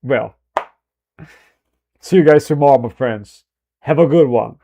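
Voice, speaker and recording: A man's voice: medium pitch, measured pace, creaky, dark tone. A Brazilian man with a Brazilian Portuguese accent, a streamer in casual live-stream chat with his viewers, playful and teasing, laughing often and swearing casually.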